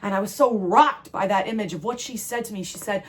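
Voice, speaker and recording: A woman from New Jersey, a tarot reader, giving a spiritual channeled message in an earnest, rambling, emotional way. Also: medium pitch. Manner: earnest, rambling, emotional delivery in quick bursts.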